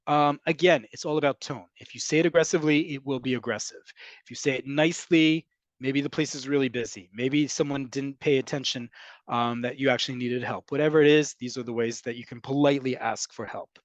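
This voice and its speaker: A man teaching a casual online Hebrew class, explaining words slowly and acting out tones of voice. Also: medium pitch, no room sound.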